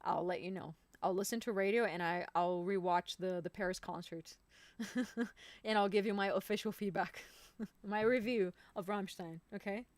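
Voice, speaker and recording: A woman's voice: medium pitch, fairly even intonation, moderate pace, no echo. A woman singer hosting a live stream, chatting casually and rambling to her viewers.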